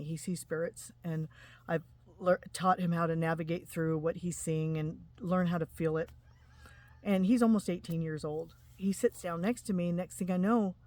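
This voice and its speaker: A woman in her forties from Utah, telling an emotional personal testimony to camera in an earnest, halting way. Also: mid-range voice, warm tone, no echo. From Utah, USA. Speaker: spiritual vlogger.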